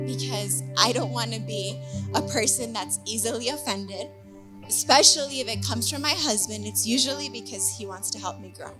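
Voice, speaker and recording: A woman preaching a sermon, telling a personal story in a lively, chatty way and checking in with listeners. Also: a little high, normal speed, over music. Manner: animated, chatty, asks the crowd with "okay?" and "guys".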